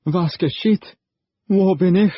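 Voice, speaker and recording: A frightened young soldier speaks in a shrill, broken German-accented voice, pitched far up as a male audiobook narrator puts him on. He sounds panicky and tense throughout. The recording is slightly muffled and dry. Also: slow, breathy edge, no echo, full character voice. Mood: panicked.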